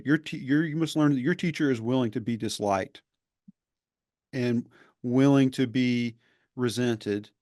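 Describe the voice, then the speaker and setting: A man's voice: mid-range voice, darkish tone, dry recording, clean studio sound. A man who was once a professor, hosting a podcast and talking earnestly and emphatically, rambling with restarts. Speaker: podcast host; former professor. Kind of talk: reflective conversational interview.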